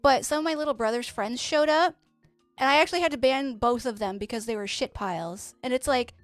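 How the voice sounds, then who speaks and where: A woman's voice: on the high side, a little fast, no echo, soft background music. A woman from Canada, telling rambling stories with plenty of swearing while she streams a game. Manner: chatty, rambling, swears freely. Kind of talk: casual storytelling while playing a game.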